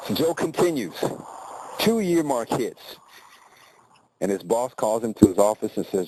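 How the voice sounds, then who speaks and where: A man's voice: mid-range voice, very animated, unhurried, long pauses, dark tone, a little hiss or hum, low-quality recording. A man telling a motivational story in a conversational way, often checking in with tag questions.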